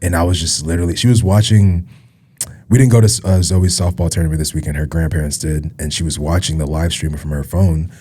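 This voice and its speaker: A man's voice: sits low, slightly rough. A man co-hosting a podcast, chatting casually and laughing often with friends. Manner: fast, animated, laughs often. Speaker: podcast co-host. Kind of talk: casual chat.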